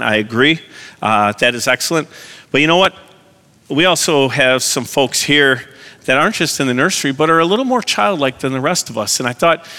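A man's voice: mid-range voice, expressive, moderate pace, pushed and bright. A man preaching a sermon in a church, folksy and conversational with self-deprecating asides. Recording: long hall reverb.

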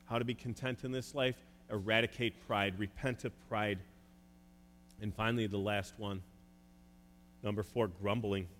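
A man preaching a sermon as a pastor, earnest and pausing often with "uh" as he urges listeners to repent. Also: lowish voice, fairly even intonation, fairly bright tone. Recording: echoey hall with faint hum.

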